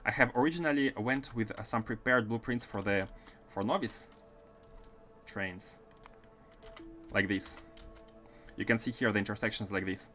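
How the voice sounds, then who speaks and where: A man's voice: lowish voice, moderate pace, long pauses, a bit bright, soft background music. A man from France with an accent mixing French and Russian, thinking aloud as he streams gameplay and chats with viewers. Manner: thinks aloud while planning builds and answering chat. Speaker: game streamer. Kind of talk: live gameplay commentary.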